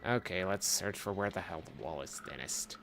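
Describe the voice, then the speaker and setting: A man's voice: low voice, normal speed, gravelly, noisy background. A man streaming a game, giving casual commentary and muttering to himself in a chatty, self-mocking way.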